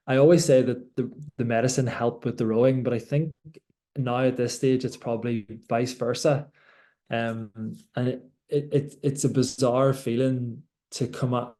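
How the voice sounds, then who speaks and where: Warm and medium-pitched, the voice belongs to a young Irishman who works as a doctor and rows. He reflects in a conversational interview, frequently starting over.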